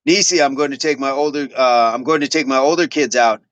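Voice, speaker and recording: A man's voice: mid-range voice, brisk, a bit bright, dry recording, dull audio. A middle-aged man hosting a fitness livestream, chatting casually with viewers and repeating affirmations as he reads their comments.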